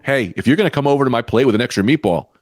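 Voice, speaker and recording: A man in playful comedic chat whose pitch swings widely as he spins goofy bits and laughs along. His voice sounds dry and close, with no room echo, over a video call. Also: rapid-fire. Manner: playful, lively, laughs often. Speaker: podcast co-host, comedian.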